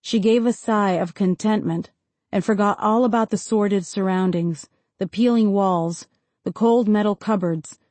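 A woman reading a novel aloud as an audiobook narrator, in a calm, measured way, lightly voicing the quoted dialogue. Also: mid-range voice, dry recording. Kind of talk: scripted narration.

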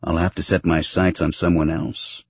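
A man voicing a gruff, mischievous older farmer who loves to tease. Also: low-pitched, flat delivery, normal speed, dry recording, pitched below the performer's own voice. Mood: teasing. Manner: teasing, boisterous.

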